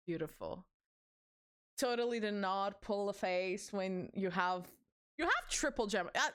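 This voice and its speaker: A young woman streamer chatting casually with her viewers, excitable and teasing, swearing freely and laughing often. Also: medium pitch. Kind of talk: casual livestream chat with viewers.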